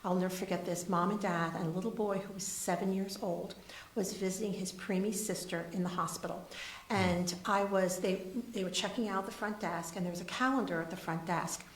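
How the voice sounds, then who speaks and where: A woman's voice: medium pitch, fairly even intonation, a little fast, a little hiss or hum. A woman with a lilt tells stories animatedly, acting out the voices of the people in them. Her voice sits in a middle range for a woman. The room has a noticeable echo. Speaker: charity CEO guest. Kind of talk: animated storytelling on a talk show.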